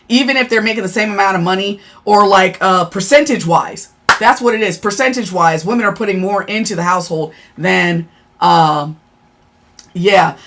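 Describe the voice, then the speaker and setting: A woman's voice: on the high side, fairly bright tone. A woman hosting a live stream, talking bluntly and profanely in a casual rant, answering her chat.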